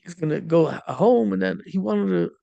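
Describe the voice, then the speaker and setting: A man, a rabbi, telling a story in a sermon, lively and full of Yiddish and Hebrew words. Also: high voice, moderate pace, vocal fry, dry recording, lo-fi sound.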